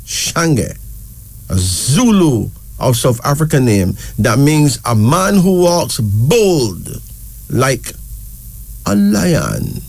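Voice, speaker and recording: A man hosting a casual talk show, slowly spelling out each name letter by letter and repeating words for emphasis. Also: medium pitch, big pitch swings, creaky, darkish tone, no room sound. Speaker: show host. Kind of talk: casual talk presenting names.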